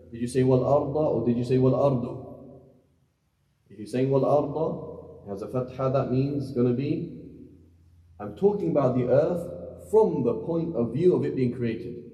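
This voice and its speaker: A man teaches a class in a mellow, dark voice, often asking questions and going over each point again. He sounds far from the mic in a big hall with a long, echoing reverb. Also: medium pitch. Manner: questioning, repeats points to students. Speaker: Islamic teacher. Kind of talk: classroom lecture on Quranic Arabic. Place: large hall, mosque center.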